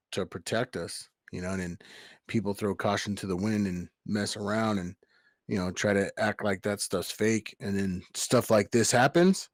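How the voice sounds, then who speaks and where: Male podcast host, fairly low voice, easygoing and agreeable. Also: no echo, clean studio sound. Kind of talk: casual chat.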